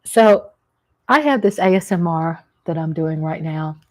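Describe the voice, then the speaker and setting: Eating at her table at home, a middle-aged woman who makes food videos chats casually about family cooking in a mukbang style, rambling, homey, and full of restarts. Her voice is low-pitched and darkish, expressive, and a little slow.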